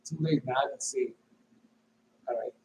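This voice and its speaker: A man preaching an informal sermon, reading scripture and asking his listeners rhetorical questions, repeating lines and jumping sharply in pitch on emphatic words. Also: fairly even intonation, moderate pace. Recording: echoey room with faint noise.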